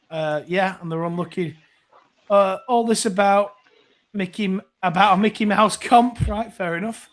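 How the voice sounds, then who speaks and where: High-voiced chatty man hosting a phone-in. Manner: chatty and rambling, many fillers. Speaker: host reading viewer comments. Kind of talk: casual live phone-in chat.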